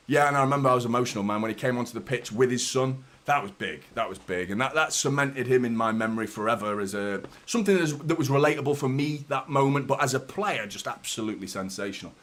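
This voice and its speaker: A man's voice: mid-range voice, fairly bright tone. A man, hosting his football fan channel in a rambling, chatty way. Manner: chatty, rambling, repeats "do you know what I mean". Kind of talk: casual vlog chat.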